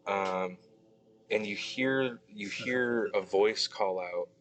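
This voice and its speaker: Low-ish male game master, halting narration, lots of ums. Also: fairly bright tone, faint music behind, rough recording. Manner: hesitant, many ums and restarts.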